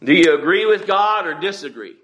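A man's voice: high-pitched, lively intonation, a little fast, a bit bright. A man preaching as a pastor in a church, talking in a conversational way and acting out the voices he quotes. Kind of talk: sermon.

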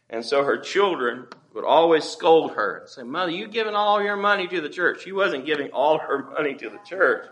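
Here a pastor delivers a sermon in church, his voice sitting on the high side with a fairly bright tone. His delivery is conversational, and he performs the voices he quotes.

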